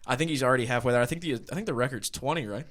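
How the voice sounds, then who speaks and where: A man's voice: medium pitch, very fast, fairly bright tone. An American man co-hosting a casual soccer podcast, telling a travel story with frequent fillers and laughs. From United States. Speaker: podcast co-host. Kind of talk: casual sports chat.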